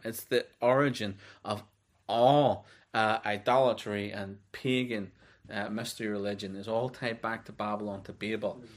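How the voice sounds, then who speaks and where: A man giving a relaxed, unscripted Bible teaching, reading verses aloud as he goes. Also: fairly low pitch. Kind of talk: conversational sermon.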